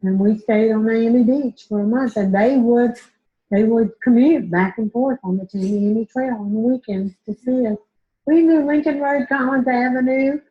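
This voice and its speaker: A woman from Tampa reminiscing in a documentary interview, reflective and unhurried. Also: a little high. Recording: dull lo-fi film clip.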